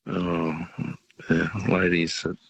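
A man calling a radio quiz, answering hesitantly with many pauses. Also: low-pitched, monotone, a bit bright, slightly rough, rough recording. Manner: hesitant, lots of uh and restarts. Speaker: radio caller. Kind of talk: quiz contestant on the phone.

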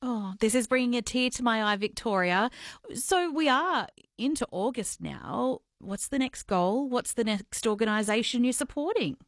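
A woman's voice: a little high, lively intonation, moderate pace, no room sound, studio quality. A woman hosting a radio interview, asking questions in an encouraging way. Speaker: radio host.

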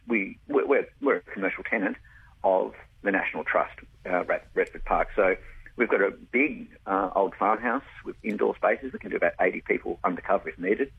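Man, beekeeper guest, husky low voice, tinny phone line. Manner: enthusiastic, stumbling restarts. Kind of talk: radio phone interview.

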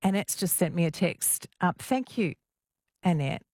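A woman's voice: on the low side, expressive, measured pace, a little mellow, no echo, clean studio sound. A woman hosting a radio show, talking in a chatty, playful and self-mocking way. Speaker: fill-in radio host. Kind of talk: casual radio chat.

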